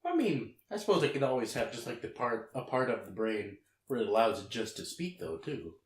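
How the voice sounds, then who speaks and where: A man's voice: medium pitch, big pitch swings, brisk. A man co-hosting a casual podcast chat, hesitant and searching for words, laughing often. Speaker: podcast co-host. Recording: echoey room with faint noise.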